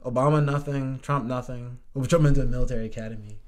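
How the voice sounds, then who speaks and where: A male podcast guest talks in a loose, conversational way, with a medium-pitched voice. His speech is packed with "like" and casual swearing, and he often rises in pitch and volume as he gets animated. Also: fast talker. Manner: animated, heavy use of "like", swears freely. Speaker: guest, Air Force veteran.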